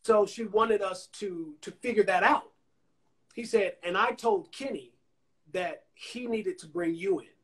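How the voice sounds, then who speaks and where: A man's voice: high-pitched, a little slow, fairly bright tone. A man from Alabama, a songwriter and producer, telling stories in a casual interview over a phone livestream and acting out the voices of the people he quotes. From Anniston, Alabama, US. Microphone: Instagram Live phone call.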